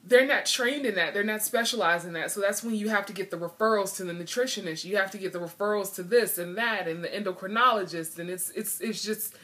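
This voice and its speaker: A woman's voice: mid-range voice, fast talker, few pauses, a bit bright. A woman vlogging in earnest, frank talk, a bit emotional and frustrated as she speaks. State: a little emotional. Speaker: video blogger. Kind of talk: heartfelt vlog talk.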